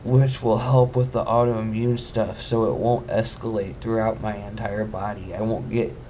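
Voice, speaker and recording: A man's voice: on the low side, fairly even intonation, normal speed, mellow, slight background noise. A young man telling a personal story in a casual vlog, rambling and emotional, with many fillers and restarts. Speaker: vlogger.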